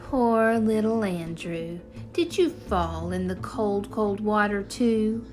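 A woman's voice: on the low side, unhurried, close to an everyday voice. A sneering, ungrateful young boy, as a woman reads him aloud in a storybook. His talk drips with sarcasm and scorn, and faint music plays underneath. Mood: sarcastic.

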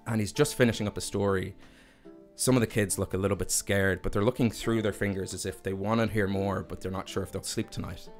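A man's voice: on the low side, fairly even intonation, brisk, soft background music. A man narrating a tabletop fantasy game as game master, telling the scene like a storyteller and laughing often.

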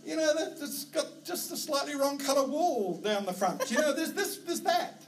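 A high-voiced man with a New Zealand accent preaching a sermon from a stage. He tells stories with animated energy and sometimes shouts out herding calls. The sound is roomy and distant, with a faint hiss behind it. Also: normal speed. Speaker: pastor. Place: church auditorium. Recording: roomy, distant hall mic with faint noise.

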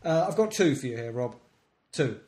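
An English man co-hosting a podcast, chatting casually with dry, deadpan humour. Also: medium pitch, moderate pace. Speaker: podcast co-host. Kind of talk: casual chat. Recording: echoey room.

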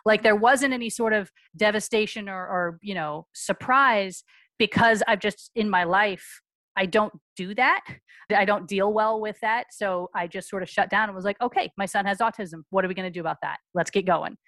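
A woman, around her forties, being interviewed as a guest on a podcast and recounting her family's experiences frankly and briskly, acting out the voices of people she quotes. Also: medium pitch, a bit bright, no room sound. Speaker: guest, mother.

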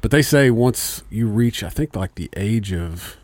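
A man's voice: lowish voice, animated, a little slow, a little mellow, no room sound. Joking Indiana man hosting a podcast. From Indianapolis area, USA. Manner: loose, joking, swears freely. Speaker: podcast host. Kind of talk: casual chat. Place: studio.

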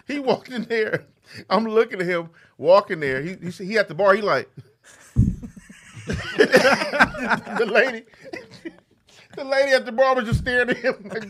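A man's voice: very high voice, animated, slow pace, pauses often, fairly bright tone, a little hiss or hum. A man telling a story in casual podcast chat, swearing freely and laughing through his punchlines. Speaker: podcast co-host.

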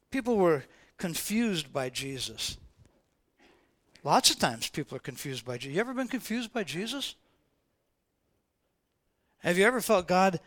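Man, sermon, high voice, animated storytelling, casual slang, acts out quotes. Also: normal speed, pauses often. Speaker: pastor.

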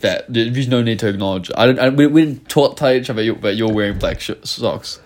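A man casually chatting on a podcast, swearing freely and acting out quotes with sudden loud outbursts. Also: mid-range voice, a little fast. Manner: animated, swears a lot, acts out quotes in loud voices. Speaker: podcast co-host. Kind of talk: casual chat.

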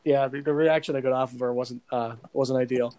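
A man's voice: mid-range voice, fairly quick, poor audio. A man, telling stories in casual podcast chat, swearing freely and laughing at his own jokes. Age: 40s. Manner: profane, laughing, animated storyteller. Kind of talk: casual chat with profane storytelling.

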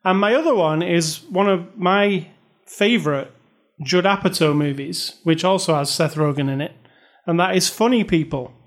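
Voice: medium pitch, moderate pace. Casual podcast co-host, easygoing, reviewing films. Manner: relaxed, reads reviews aloud, gives recommendations. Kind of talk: casual movie review chat.

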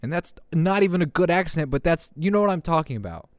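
A man's voice: on the high side, a little fast, few pauses, no echo, studio quality. A young man hosting a podcast, ranting casually with lots of swearing. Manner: profane, animated ranting. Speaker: podcast host.

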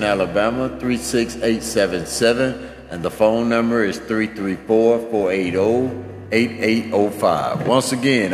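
A man, hosting a casual spoken update in an earnest way, with many fillers. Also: on the low side. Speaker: host. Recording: echoey room with long reverb.

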